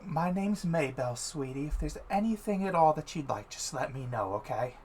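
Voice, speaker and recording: A man's voice: on the high side, animated, normal speed, a little mellow, slight background noise, pitched above the performer's own voice, lightly acted. A man voicing a sweet, doting older halfling woman who runs a tavern in a tabletop game. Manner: doting, motherly.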